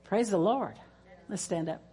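In a mellow, slightly rough voice of medium pitch, a woman pastor speaks a little slowly to her church. Her folksy church service talk is dotted with praise interjections, and she ends it with a chanted prayer.

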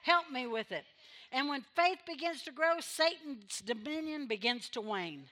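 Bright-voiced woman preaching with fervor. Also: high voice, lively intonation. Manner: emphatic preaching with sudden loud exhortations and quick asides. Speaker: pastor. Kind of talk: sermon. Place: church sanctuary.

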